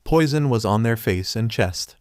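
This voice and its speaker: A man reading fan fiction aloud in an even, plain storytelling manner. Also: fairly low pitch, normal speed, clear, resonant tone, dry recording, studio quality. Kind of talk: scripted story narration.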